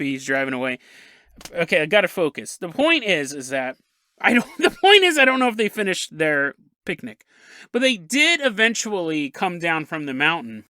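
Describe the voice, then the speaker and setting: A man's voice: sits high, pushed and bright, dry recording. A man hosting a podcast, telling a story in a casual, jokey, rambling way and laughing at his own asides. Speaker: podcast host.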